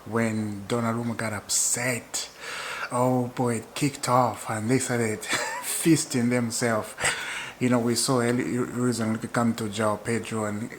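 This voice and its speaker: A man from Zambia, hosting his own football channel in an excitable, chatty way and laughing often. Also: mid-range voice, a little slow, slight background noise, low-quality recording. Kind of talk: casual football chat to camera.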